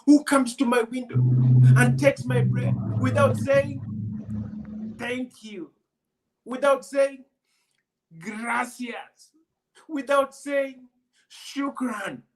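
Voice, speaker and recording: A man's voice: steady tone, extremely slow, long pauses, exaggerated voice, rough recording. A man voicing a village woman in a folk tale who complains in a raised, indignant voice. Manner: high, indignant repetitions. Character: indignant village woman, then a joyful mother.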